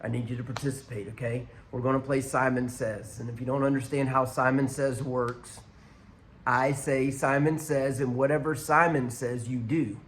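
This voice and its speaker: A man's voice: mid-range voice, fairly even intonation, normal speed, slight background noise. A man preaching a conversational sermon to viewers watching online, speaking through a church sound system. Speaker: pastor.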